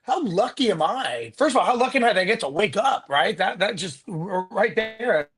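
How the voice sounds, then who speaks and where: A man being interviewed as a business coach, animated and profane, rambling with lots of restarts and "like.". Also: high-pitched, a little fast, slightly rough. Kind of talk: casual interview chat.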